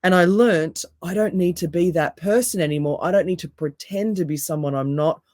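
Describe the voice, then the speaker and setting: A woman with a deep voice, a hypnotherapist and coach speaking as a podcast guest with calm, emphatic, repeated phrases. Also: fairly quick, no echo, studio quality.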